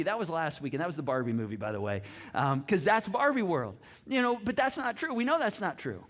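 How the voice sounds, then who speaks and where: Man preaching in a fairly high voice. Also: huge pitch swings, a little fast, fairly bright tone. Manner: conversational, earnest preaching with frequent restarts. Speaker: pastor. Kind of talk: sermon. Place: church.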